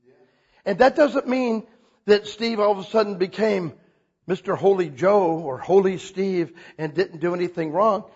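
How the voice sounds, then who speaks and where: A man preaching a sermon as a pastor, telling stories with lively acted-out quotes. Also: normal speed, breathy edge, lo-fi sound. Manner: animated storytelling, acts out quotes with big pitch jumps.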